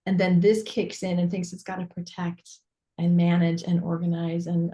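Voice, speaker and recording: Woman mentor coaching a client; lively, chatty, digressive delivery with lots of fillers. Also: lowish voice, moderate pace. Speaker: business mentor. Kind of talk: coaching session teaching.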